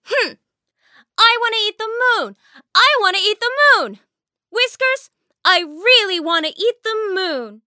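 A woman's voice: very high-pitched, sing-song, a little slow, bright, forceful tone, no room sound, clean studio sound, full character voice. A woman voicing a stubborn, childish young mother in a children's cartoon, whining and pleading.

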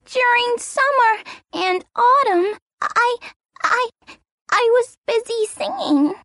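A very high, wildly swooping little voice of a starving female grasshopper. She stammers and sniffles and stretches her words out very slowly. It is a children's storybook read in a dry studio. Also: very animated, fairly bright tone, dry recording, exaggerated voice. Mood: ashamed. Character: lazy hungry female grasshopper, cold and pleading.

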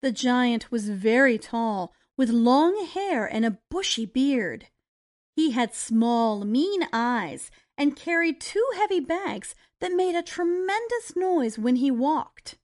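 A woman narrating a children's storybook in a deliberate, expressive way. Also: high voice.

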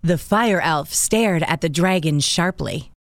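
A woman narrating a children's story in a scripted, expressive way, voicing the sound words with gusto. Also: lowish voice, a little slow, no room sound, clean studio sound.

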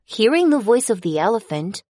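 A woman narrating a children's storybook in an expressive, storytelling manner. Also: on the high side, moderate pace, no echo, studio quality. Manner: expressive, storytelling with sound effects.

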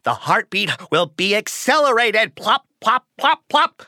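A woman voicing a playful, excitable cartoon puppy who barks between words and exclaims a lot. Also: medium pitch, a little slow, dry recording, clean studio sound. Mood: insistent. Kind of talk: children's cartoon voice acting.

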